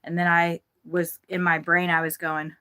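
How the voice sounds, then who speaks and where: A woman chatting casually on a livestream from inside her RV, frazzled and swearing often, talking in quick, scattered bursts. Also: fairly low pitch, completely flat delivery, pushed and bright, clear, resonant tone.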